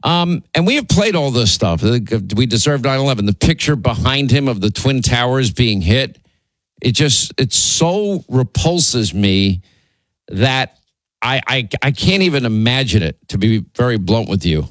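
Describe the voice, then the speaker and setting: Male radio host, indignant and rambling, mid-pitched, dry close mic. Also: lively intonation, a little slow, dry recording. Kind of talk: talk radio commentary.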